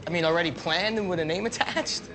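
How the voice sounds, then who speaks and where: A man's voice: sits high, fast talker, lightly acted. An actor playing a smug, boastful young man. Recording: clip with music underneath.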